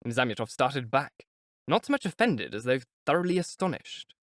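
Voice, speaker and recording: A man narrates a classic novel for an audiobook, measured and expressive in a mid-range voice. The scripted narration is studio quality, recorded dry.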